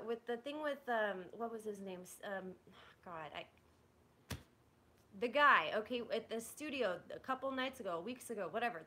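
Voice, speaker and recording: Young woman vlogger, bright and high, candid frustrated venting with swearing. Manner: rambling, blunt, profane, frustrated. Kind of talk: candid venting to a live audience.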